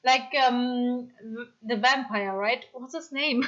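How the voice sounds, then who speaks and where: A German-accented woman streamer talks at an unhurried pace with a high, bright voice. She reads comments aloud, apologizes a lot and gets excitable. The mic sounds a little dull. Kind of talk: casual live-stream chat.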